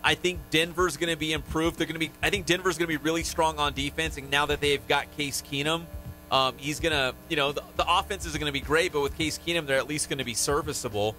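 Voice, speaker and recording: A man's voice: fairly high pitch, steady tone, fast talker, bright, forceful tone, a little hiss or hum. A young man hosting a sports radio show, chatting casually and animatedly with lots of hedging and fillers. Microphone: studio microphone.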